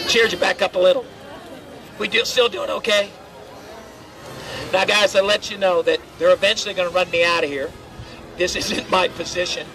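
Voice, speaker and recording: A loud, teasing middle-aged man with a fairly high voice entertains a waiting crowd outdoors at a theme park. He tells stories and jokes through a handheld voice amplifier. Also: low-quality recording. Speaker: theme park crowd-control cast member. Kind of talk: pre-show crowd warm-up storytelling.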